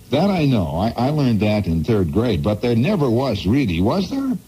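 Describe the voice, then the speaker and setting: A radio host from the Midwest telling a rambling, digressive story in a wry, playful way, full of asides. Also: male voice, lowish voice, sing-song, moderate pace, few pauses, dark tone, husky, poor audio. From American Midwest.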